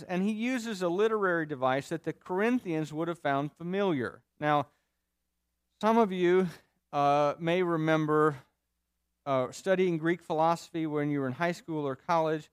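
A man's voice: on the high side, clean tone, no echo, clean studio sound. A man preaching a sermon in an earnest, explanatory way, reading scripture and then unpacking it for the congregation. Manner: earnest, explanatory, with vivid mock voices for quoted speakers. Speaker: pastor.

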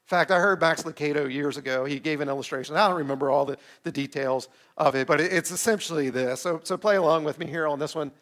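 A man with a bright, high-pitched voice delivers a sermon. His tone is relaxed and conversational, with a playful streak, and he keeps tossing questions to his listeners and answering them himself. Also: fast, few pauses. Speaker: pastor. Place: streamed service addressing an online chat.

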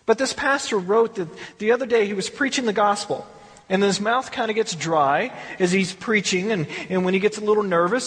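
A man leads a Bible study in a loose, conversational sermon style, often repeating himself and breaking off into asides. His voice sits high and sounds husky. The sound carries a long echo, as if from a large hall. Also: fairly bright tone.

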